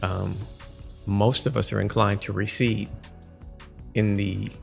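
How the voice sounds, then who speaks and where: A man co-hosting a podcast, speaking in an articulate, measured way in casual chat. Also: fairly low pitch, little pitch movement, gravelly, faint music behind. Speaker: podcast co-host.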